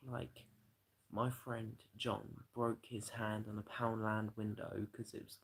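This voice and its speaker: A British man with a fairly low, gravelly voice talks to his live stream in a loose, rambling way. He swears freely and keeps dropping in "you know" as he goes. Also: level tone, takes it slowly, fairly bright tone, poor audio. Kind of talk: rambling casual livestream chat.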